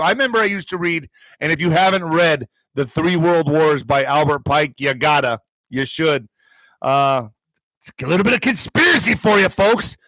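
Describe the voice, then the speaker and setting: A man's voice: on the high side, fairly bright tone, dry recording, low-quality recording. A man hosting an online commentary show, reading news items aloud and breaking off into profane, sarcastic asides. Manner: profane, sarcastic asides between read headlines.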